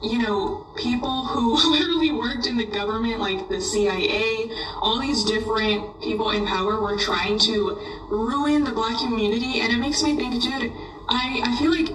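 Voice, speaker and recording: A woman's voice: a little high, fairly bright tone, a little hiss or hum. A woman chatting casually, musing and hesitant as she thinks aloud. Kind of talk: casual chat. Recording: roomy, distant mic.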